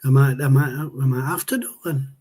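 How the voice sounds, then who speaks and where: A man's voice: mid-range voice, normal speed, darkish tone, breathy edge. A man, hosting a casual livestream and rambling as he answers viewer chat. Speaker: livestream host.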